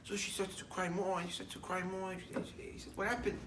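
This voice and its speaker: A man's voice: sits high, level tone, quick pace, reverberant, recorded from a distance, background noise. A man giving a short morning sermon as a rabbi, telling a story in English with many Hebrew terms and building up to emphatic declarations.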